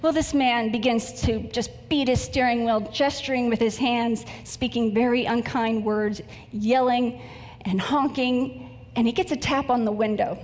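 Woman preacher, earnest, emotional, storytelling, fairly high voice, echoing church hall. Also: fairly even intonation, measured pace, a little mellow. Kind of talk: sermon with prayer and stories. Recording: echoey hall reverb.

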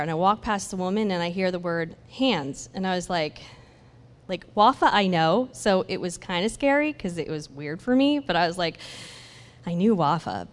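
A woman sharing a personal faith testimony in an animated storytelling way, acting out the conversations she describes. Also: fairly low pitch. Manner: animated storytelling that acts out dialogue, with laughs. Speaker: church speaker sharing a testimony. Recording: long hall reverb.

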